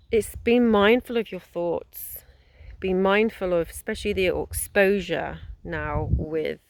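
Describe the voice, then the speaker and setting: A woman's voice: fairly low pitch, dry recording. Rambling, encouraging woman. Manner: rambling, encouraging, with many fillers and restarts. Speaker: holistic therapist. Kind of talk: conversational wellness talk.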